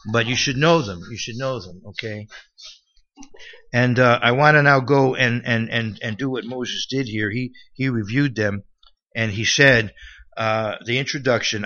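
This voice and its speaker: Male preacher, casual Bible-study delivery, bright voice, mid pitch. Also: moderate pace, dull audio. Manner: conversational, many restarts and asides. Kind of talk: Bible teaching sermon.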